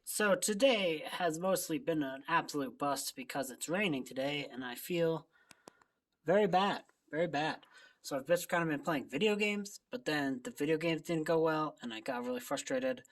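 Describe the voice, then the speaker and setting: A woman's voice: deep voice, lively intonation, normal speed, distant mic. A woman chatting casually in a home vlog, rambling and poking fun at herself. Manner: chatty, self-deprecating, rambling. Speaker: book vlogger. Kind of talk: casual chat.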